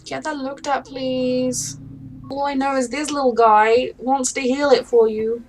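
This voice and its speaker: A woman's voice: sits high, level tone, a little slow, darkish tone, faint music behind. A woman hosting a reaction video, gushing and emotional, often exclaiming at the screen. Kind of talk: casual reaction commentary.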